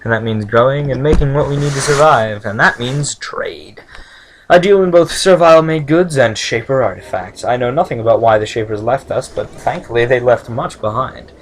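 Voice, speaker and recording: A man voicing a calm, businesslike male servile shopkeeper in a fantasy game, speaking in a measured, formal way. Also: medium pitch, slight background noise, lightly acted. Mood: matter-of-fact.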